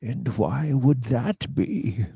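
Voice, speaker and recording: A wry, teasing adventurer, voiced by a man in tabletop role-play. His voice is very gravelly and husky, with a lively pitch and a slow pace. The sound is dry and close. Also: dry recording, heavily acted.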